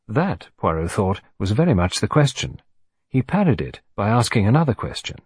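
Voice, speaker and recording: A man narrating an audiobook in an even storytelling manner. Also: lowish voice, moderate pace, slightly rough, no room sound, studio quality.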